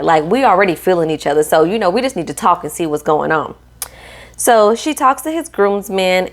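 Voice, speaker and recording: A woman talks through a reality TV episode in a casual, sassy recap. She is animated and playful, and she often acts out the people on the show as she quotes them. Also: on the low side. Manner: sassy, animated, quotes cast members in voices.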